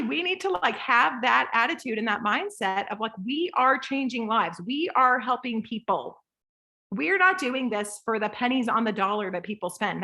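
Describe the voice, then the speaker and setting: A woman in her thirties coaching a group call, lively and rambling, acting out voices as she talks. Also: fairly high pitch.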